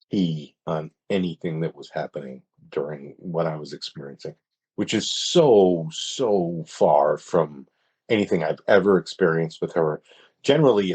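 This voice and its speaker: A man with a deep, slightly husky voice talks as a podcast guest. He tells his story casually and stumbles, stops and restarts as he goes. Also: a little mellow. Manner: hesitant, halting, with many restarts.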